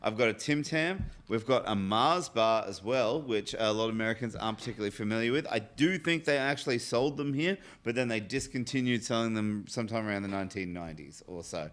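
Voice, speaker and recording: A man hosting a whiskey tasting show, explaining snacks and drinks in a relaxed way and swearing casually. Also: fairly low pitch, a little fast, few pauses.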